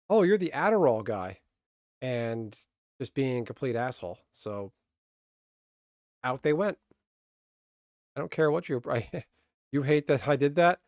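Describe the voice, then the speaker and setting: A man's voice: mid-range voice, no room sound, clean studio sound. A male streamer in casual live-stream chat, blunt and grumbling, swearing freely.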